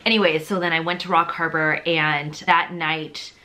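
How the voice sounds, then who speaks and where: A young woman shares her personal faith testimony in a low-pitched, sharp-toned voice at normal speed, her intonation fairly even. She's chatty and rambling, leaning heavily on fillers like "like" and "you know," and openly emotional and confessional. Slight background noise is audible.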